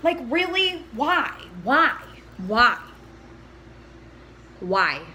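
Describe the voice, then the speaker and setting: A young woman co-hosting a casual TV recap, animated and swearing as she acts out her reactions. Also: sits high, extremely slow, heavy background noise. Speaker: co-host.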